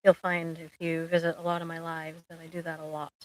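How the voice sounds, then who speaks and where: A woman's voice: low-pitched, completely flat delivery, fairly quick, low-quality recording. A middle-aged woman therapist chatting casually on a live stream, rambling and joking with lots of ums.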